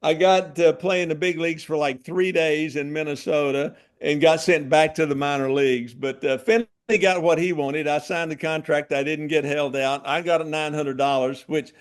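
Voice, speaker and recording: An older man with a slightly raised voice recalls his playing days in relaxed, folksy chat. He chuckles through his stories and talks like an old ballplayer among friends. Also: fairly high pitch, moderate pace, few pauses, clear, resonant tone. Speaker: former ballplayer telling stories. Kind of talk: casual storytelling chat.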